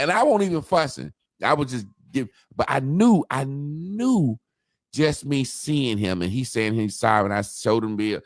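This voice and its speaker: Here a podcast co-host with a medium-pitched voice talks at normal speed, recorded in clean studio sound with no room noise. He tells a lengthy story casually, cursing freely and performing other people's lines with animation.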